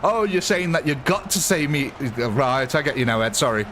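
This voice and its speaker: A man's voice: fairly high pitch, animated, normal speed, fairly bright tone, slight background noise. A man chatting casually on a live gaming stream, rambling and laughing often.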